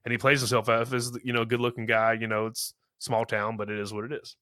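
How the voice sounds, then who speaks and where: A man's voice: mid-range voice, monotone, a little fast, bright, forceful tone, no room sound, clean studio sound. A man in his thirties co-hosting a podcast, recapping a movie in casual chat, rambling with lots of fillers and acting out quotes. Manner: rambling, many "you know" fillers, acts out quotes. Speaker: podcast co-host.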